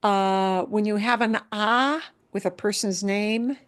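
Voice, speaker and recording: Slow-speaking woman teaching Spanish. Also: medium pitch, smooth. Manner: patient, explains slowly with repetition. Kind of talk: online language class.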